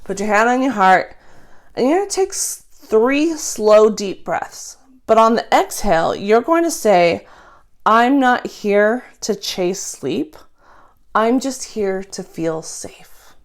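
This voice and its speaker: A young adult woman and nurse, calmly teaching a gentle sleep routine in a soft voice, speaking close to a microphone. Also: mid-range voice, takes it slowly. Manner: calm, soft-spoken, drops to a whisper in breathing exercise.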